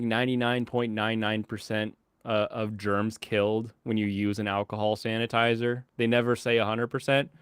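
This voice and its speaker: A man hosting a casual podcast chat, ranting in an animated, sardonic way and slipping into mocking voices. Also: mid-range voice, dry recording, studio quality. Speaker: host.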